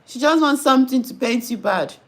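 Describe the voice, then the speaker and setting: High-voiced Nigerian woman, chatty storyteller. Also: brisk. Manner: animated storytelling, mixing in pidgin. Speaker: nurse and host. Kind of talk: casual chat reading comments.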